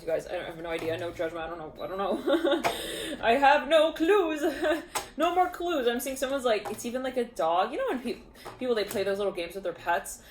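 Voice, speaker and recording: A woman's voice: medium pitch, reverberant, a little hiss or hum. A woman giving a casual spoken tarot reading, chatty and full of fillers, giggling often. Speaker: tarot reader.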